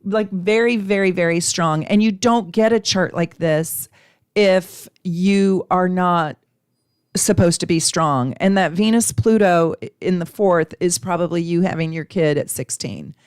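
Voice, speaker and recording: A woman's voice: lowish voice, measured pace, a little mellow, clean tone, dry recording, studio quality. A woman astrologer chatting effusively on a live stream, laughing often as she gives chart readings. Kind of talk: live-stream casual chat.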